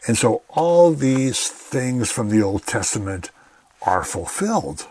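A man's voice: mid-range voice, very animated, slow pace, darkish tone. A man giving a radio Bible teaching in an earnest, conversational way, often saying "you know".

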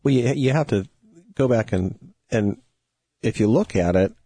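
A man co-hosting a casual scripture talk, agreeing often and explaining points calmly. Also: mid-range voice, a little slow, breathy edge, dry recording. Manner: agreeable, frequent short affirmations. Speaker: co-host. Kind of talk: casual Bible discussion.

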